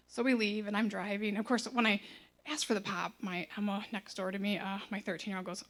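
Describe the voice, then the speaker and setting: A woman, telling a personal testimony in a casual, animated way and acting out the voices in it. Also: medium pitch, quick pace. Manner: chatty, animated, acts out quoted lines. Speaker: church member sharing a testimony.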